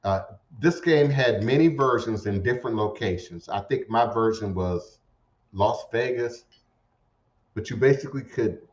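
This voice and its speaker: A man hosting a spiritual internet radio show, talking in a rambling, halting way with many repeated words. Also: mid-range voice, a little mellow. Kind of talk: casual spiritual talk show monologue. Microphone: home setup streamed to internet radio. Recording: roomy, dull lo-fi internet radio audio.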